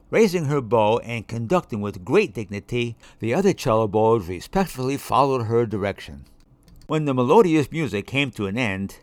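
A man reading a children's story aloud in an expressive way. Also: medium pitch, moderate pace, no room sound. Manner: expressive, shifting voices.

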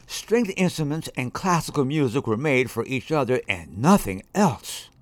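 Expressive man reading a children's story. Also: medium pitch, normal speed, hardly any pauses, dry recording. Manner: expressive, shifting voices.

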